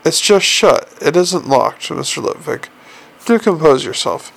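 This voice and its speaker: A man voicing a calm, dry, softly menacing older ruler, speaking in a measured, sardonic way in an audiobook reading. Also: fairly high pitch, vocal fry, heavily acted. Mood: dry menace.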